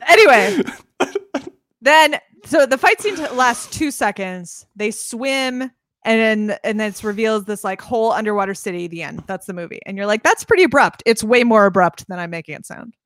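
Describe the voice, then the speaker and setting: A woman's voice: mid-range voice, normal speed, a bit bright, no room sound, studio quality. A woman co-hosting a podcast, recapping a film in casual, sarcastic chat, swearing freely and acting out the characters' lines. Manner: sarcastic, swears a lot, acts out quotes. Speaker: podcast co-host.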